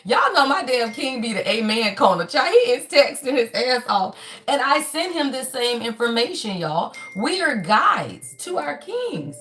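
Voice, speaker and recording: Faint music plays behind a woman whose voice sits on the high side and whose pace is measured. Hosting a spiritual reading stream, she chats casually but preaches with blunt, profane emphasis, calling everyone watching "y'all" over and over.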